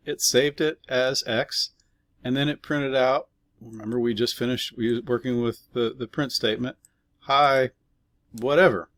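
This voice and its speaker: A man teaching a casual programming lesson, explaining step by step with fillers and offhand asides while typing. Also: mid-range voice. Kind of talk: casual screen-recorded coding lesson.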